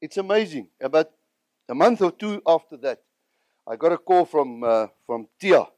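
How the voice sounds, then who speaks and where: High-voiced South African man telling his testimony. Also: animated, normal speed, a little mellow, dry recording. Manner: earnest, emotional storytelling. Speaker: evangelist. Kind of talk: personal testimony.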